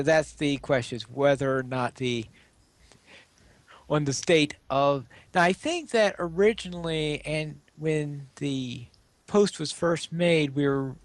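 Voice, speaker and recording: A man's voice: a little high, no echo. A man hosting a casual podcast, reading out listener comments and passing letters to his co-hosts. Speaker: podcast host.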